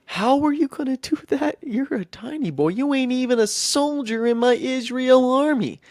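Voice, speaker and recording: A man's voice: extremely high pitch, normal speed, darkish tone, dry recording, studio quality, voice pushed up. A man voicing King Saul, a blunt and skeptical ruler talking down to a boy. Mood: incredulous. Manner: incredulous, talking down to a kid.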